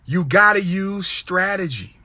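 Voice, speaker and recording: A man lecturing with passion in a preacherly, repetitive cadence, swinging from loud high exclamations to low hushed asides. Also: expressive, measured pace, no room sound. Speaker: public speaker giving relationship advice. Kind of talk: impassioned lecture.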